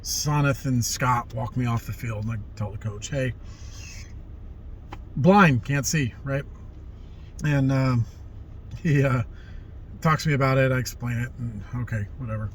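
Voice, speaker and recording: A man's voice: medium pitch, moderate pace, a little hiss or hum. Man rambling through old life stories. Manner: rambling, animated when quoting people. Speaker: vlogger telling life stories. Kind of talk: casual storytelling.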